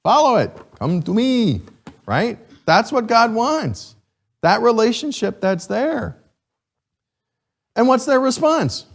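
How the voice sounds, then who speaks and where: A man teaching a Sunday school class, reading scripture and questioning his students in a lively, chuckling way. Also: very high-pitched, takes it slowly, vocal fry, pauses often. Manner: animated, asks the class questions, chuckles often.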